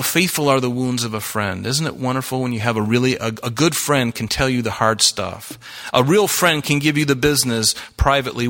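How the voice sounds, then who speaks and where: A man's voice: mid-range voice, sharp tone. A man preaching a sermon in a church, explaining scripture in an earnest, teaching way. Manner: earnest, explains Greek words, quotes scripture. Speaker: pastor. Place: church hall with live audience.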